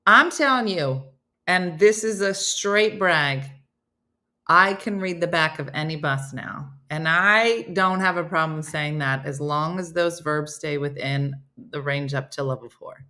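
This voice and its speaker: A woman's voice: deep voice, unhurried, pushed and bright. A middle-aged woman hosting a casual live chat, laughing and reading out viewers' comments. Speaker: host.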